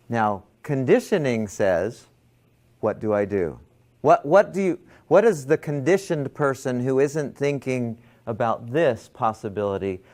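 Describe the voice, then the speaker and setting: Lively male lecturer telling a story. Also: mid-range voice. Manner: animated storytelling, acts out his thoughts. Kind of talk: classroom lecture with personal anecdote. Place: classroom.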